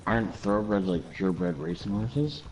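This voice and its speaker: A man's voice: lowish voice, animated, normal speed, a little mellow, a little hiss or hum, low-quality recording. A man playing a video game and reacting tersely, often swearing, in casual chat. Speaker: player.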